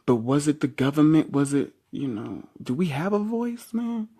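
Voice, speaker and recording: A man's voice: on the high side, big pitch swings, normal speed, mellow. A man ranting into the camera in a rambling, slangy monologue, swearing freely and quoting himself with "I'm all like". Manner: slangy, rambling, jumps from topic to topic; keeps quoting himself with "I'm all like", voice jumping up when he does.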